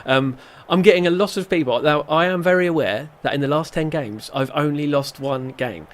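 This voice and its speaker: A man's voice: fairly high pitch, normal speed. Chatty man commentating a game. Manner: chatty and rambling, self-mocking, reacts aloud to the match. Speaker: gaming YouTuber. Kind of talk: casual let's-play commentary.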